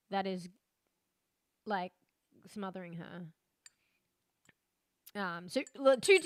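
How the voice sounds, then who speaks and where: A woman's voice: medium pitch, dry recording, clean studio sound. A woman streaming a horror game, chatting casually with lots of swearing, laughing as she talks. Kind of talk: casual live-stream commentary.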